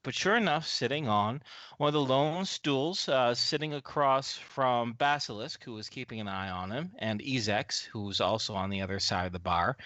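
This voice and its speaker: A man narrating as game master in a relaxed, filler-heavy way, recorded through a slightly muffled mic. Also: medium pitch, normal speed, no room sound.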